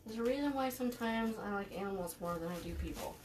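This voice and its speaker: A woman's voice: medium pitch, expressive, quick pace, noisy background. A woman hosting a live craft tutorial, chatting casually while she works, thanking viewers by name and laughing easily with dry sarcasm. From United States.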